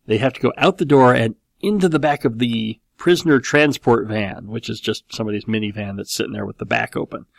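A man in his forties, a show host and parent, telling a casual story in an animated, rambling way with many fillers and restarts. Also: medium pitch, brisk, creaky, hardly any pauses, dry recording.

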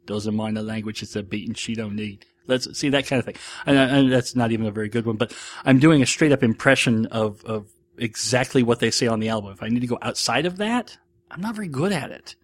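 Man, podcast host, casual listener Q&A, rambling, self-deprecating, mid-pitched voice. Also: brisk. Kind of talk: casual monologue.

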